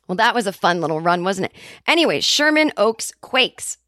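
A woman's voice: mid-range voice, bright, forceful tone, no room sound. Rambling woman podcast host, dry mic. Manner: rambling, self-interrupting, sarcastic. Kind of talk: comedic solo monologue.

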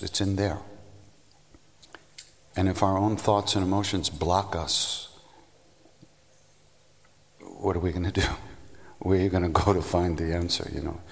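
A man giving a storytelling spiritual talk, unhurried, meandering and reflective. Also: low voice, a bit bright, in a large hall. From United States. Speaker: spiritual teacher.

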